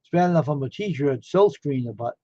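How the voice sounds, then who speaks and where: This man's slightly high, mellow voice is animated and quick as he rambles casually on a live stream, sounding amazed and rattling off one question after another. The sound is dull, lo-fi and completely dry, with no room ambience.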